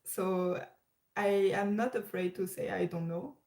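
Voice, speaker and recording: Slow-talking woman chatting on a livestream. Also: mid-range voice, mellow. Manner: chatty, hesitant, many restarts and laughs. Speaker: livestream host. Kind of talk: casual livestream chat. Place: her room. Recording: roomy echo.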